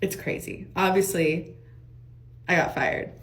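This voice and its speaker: Her voice lowish, a young woman rushes through a casual storytime monologue. She's animated throughout and often swears and laughs.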